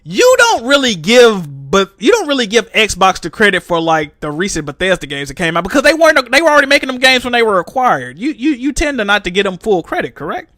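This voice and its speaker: A man's voice: sits high, big pitch swings, fairly quick, hardly any pauses, sharp tone, no room sound, clean studio sound. A man in his forties hosting a podcast, arguing in a casual debate with an exasperated, mocking tone and repeated words. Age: 40s. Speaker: podcast host.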